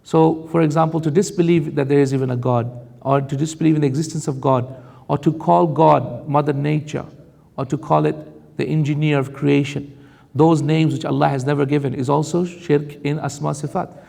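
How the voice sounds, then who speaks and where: A man's voice: a little high, fairly even intonation, brisk, vocal fry, warm tone, in a large hall. A man preaching a sermon on Quran commentary, warning his audience emphatically and reciting Arabic verses between explanations.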